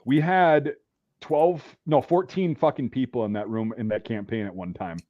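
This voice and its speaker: A man hosting a casual podcast, telling profane army stories in an animated way. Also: medium pitch, moderate pace, no echo, muffled recording. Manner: profane, animated, shouts out quoted rants. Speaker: podcast host. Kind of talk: casual storytelling chat.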